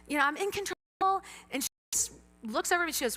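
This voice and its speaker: A middle-aged woman preaches to her church in a high, bright voice, playing out her own reactions as she tells stories. Her words ring out with a long reverb from the sanctuary. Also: fast talker. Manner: animated storytelling, acts out her own reactions. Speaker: pastor. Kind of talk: sermon.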